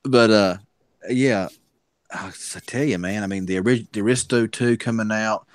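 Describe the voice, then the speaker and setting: Low-voiced guy on a tech stream, kinda halting, dry sound. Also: no room sound. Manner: hesitant, restarts sentences. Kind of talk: casual livestream chat.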